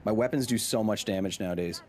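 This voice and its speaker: A man's voice: lowish voice, fast talker, background noise. A man in his thirties streaming a game, joking and chatting casually with his viewers. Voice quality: animated, jokey, talks to chat. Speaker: gaming streamer.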